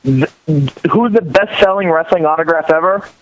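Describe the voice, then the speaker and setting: A middle-aged man talking as a podcast guest in casual chat, telling rambling, animated stories full of restarts. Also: on the high side, moderate pace, lo-fi sound.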